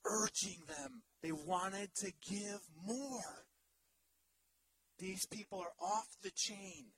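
A male pastor in his thirties preaching a sermon in an animated, humorous way, swinging from loud to hushed. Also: high voice, slow pace, a little hiss or hum, poor audio.

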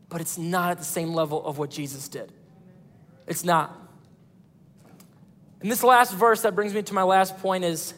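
A man preaching a sermon as pastor of a church, animated, acting out quoted voices. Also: high-pitched, big-room sound.

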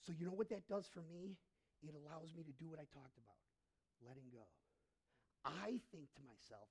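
A male pastor delivers a sermon in a gravelly voice with a husky edge. He keeps turning to the congregation with questions. He drops to a hush, then presses a point hard. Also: a little high, moderate pace. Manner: preaching with frequent questions to the congregation; swings between hushed and emphatic.

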